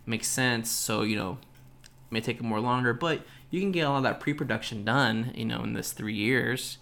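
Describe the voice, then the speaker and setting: A man's voice: mid-range voice, normal speed, creaky, a bit bright. A man hosting a podcast alone, speculating in a casual, loose way. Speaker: podcast host. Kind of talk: solo podcast commentary.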